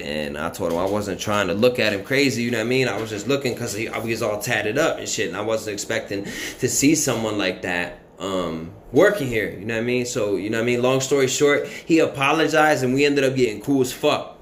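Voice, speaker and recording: A man's voice: lowish voice, brisk, slight background noise. A man casually telling a story from his own life in a rambling, profane way, full of "you know what I mean" fillers.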